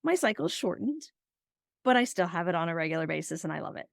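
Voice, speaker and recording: A woman hosting a relaxed podcast conversation, her voice sitting a little low with a gravelly edge. She tells personal stories in a chatty way and acts out the old conversations. The sound is close and dry. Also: fast, dry recording. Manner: chatty storyteller who acts out past conversations. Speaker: podcast host. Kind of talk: casual interview conversation.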